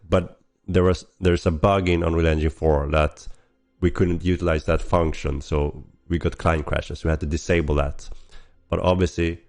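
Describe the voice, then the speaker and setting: A man hosting a casual livestream Q&A while hoarse from a cold, with a rough, gravelly voice, coughing and clearing his throat often. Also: a bass voice, darkish tone. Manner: chatty, frequent throat clearing and laughs. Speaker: game developer hosting a weekly stream.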